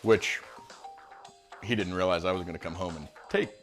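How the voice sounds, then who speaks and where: A man's voice: low voice, normal speed, fairly bright tone, faint music behind. A man telling a casual anecdote as a guest, acting out the people he quotes. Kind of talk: casual storytelling.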